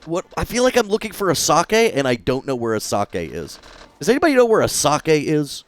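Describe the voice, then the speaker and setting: A young male streamer chats casually over his game, joking and swearing freely. His voice sits a little high and swings widely, with sudden loud outbursts. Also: huge pitch swings, brisk.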